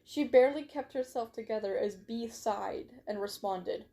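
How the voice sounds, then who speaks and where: A woman's voice: fairly high pitch, normal speed, hardly any pauses, warm tone. A woman reading her own story aloud on a stream, in a casual way, often stumbling and correcting herself with little asides.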